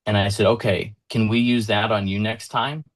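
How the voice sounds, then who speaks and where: A man's voice: lowish voice, steady tone, normal speed. A man in his thirties giving an earnest motivational talk, retelling conversations with his young daughter in small shifts of voice. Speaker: motivational speaker.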